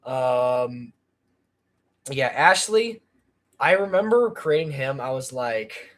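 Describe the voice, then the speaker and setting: Man hosting a casual livestream, rambling, average pitch, lots of restarts. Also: animated, slow pace, long pauses, fairly bright tone. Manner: rambling, full of ums and restarts. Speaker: channel creator.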